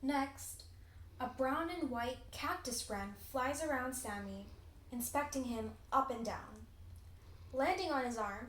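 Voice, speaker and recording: A teenage girl narrating a children's picture book in an expressive, deliberate read-aloud style. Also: on the high side, roomy sound, slight background noise, low-quality recording. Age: teens. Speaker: storybook reader.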